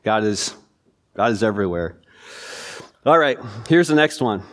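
A man teaching a church Bible class in a relaxed, informal way, reading verses and quizzing listeners. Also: lowish voice, unhurried. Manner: informal, chatty, quizzing the audience. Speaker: pastor.

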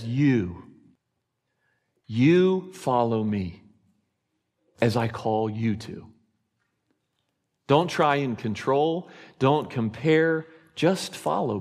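A male pastor preaching a sermon in an earnest, reflective way, leaning on repeated phrases for emphasis. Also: medium pitch. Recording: reverberant hall.

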